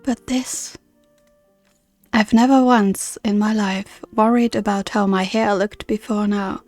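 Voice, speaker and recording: A woman reading aloud the lines of an earnest, formal woman guardian from a game, in a measured, soft-spoken way. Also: medium pitch, steady tone, dry recording, soft background music, natural voice.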